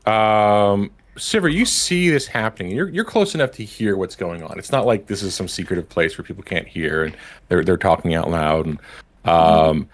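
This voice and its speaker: Deep, expressive male game master. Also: moderate pace. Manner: expressive, explains rules with frequent ums. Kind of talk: narrating a tabletop game stream.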